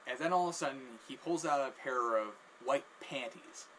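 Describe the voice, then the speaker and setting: A man's voice: medium pitch, normal speed, sharp tone, low-quality recording. A man telling a casual anecdote who rambles, restarts his sentences often, and loops through "and then" phrases. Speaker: storyteller.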